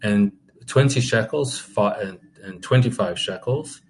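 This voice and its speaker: A man's voice: fairly low pitch, measured pace, a little hiss or hum. A man preaching a sermon, impassioned and indignant, often restarting his words as he reads and comments on scripture.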